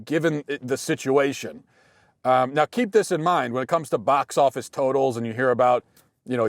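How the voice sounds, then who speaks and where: A podcast host, an American man in his thirties, delivers a casual monologue full of dry, deadpan humor and frequent restarts. His voice sits in the mid range, and the recording is dry.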